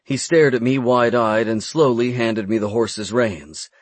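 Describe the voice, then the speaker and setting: A man reading a first-person fantasy adventure audiobook in a brisk storytelling manner. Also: mid-range voice, dry recording. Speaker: audiobook narrator.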